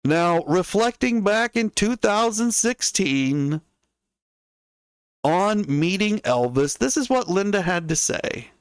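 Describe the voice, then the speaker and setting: A man hosting a history stream in a relaxed, conversational way, stopping often for musing asides to his audience. His voice sits a little high for a man. It is recorded close and dry, with almost no room sound. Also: takes it slowly, smooth, dry recording. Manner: chatty, musing asides to viewers. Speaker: history show host. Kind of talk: casual livestream history narration.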